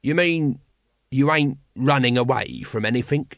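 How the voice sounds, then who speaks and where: A man's voice: mid-range voice, unhurried, vocal fry, no echo, studio quality. A man voicing a cynical, scruffy small corporal who wheedles out of the corner of his mouth. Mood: insinuating.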